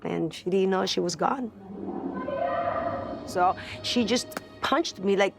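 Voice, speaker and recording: A woman's voice: medium pitch, animated, unhurried. A woman earnestly recounting a personal ghost story to the camera, searching for words and repeating phrases as she goes. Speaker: celebrity guest telling a ghost story. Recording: voice over music score.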